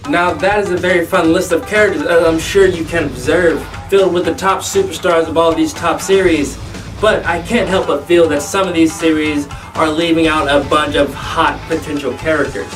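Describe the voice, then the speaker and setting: A man hosting a hyped gaming video, energetic and jokey with self-mocking asides. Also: on the high side, normal speed. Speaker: host. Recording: distant mic with music. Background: background music.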